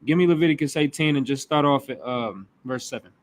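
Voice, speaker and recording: A man's voice: medium pitch, a little fast, a little hiss or hum. Blunt, emphatic man teaching Bible class. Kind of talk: preaching Bible study.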